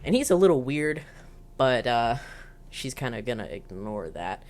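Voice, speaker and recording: A woman's voice: a bass voice, very animated, normal speed, a little mellow. A woman casually recapping television episodes in a chatty, filler-heavy way with giggly asides. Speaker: show reviewer.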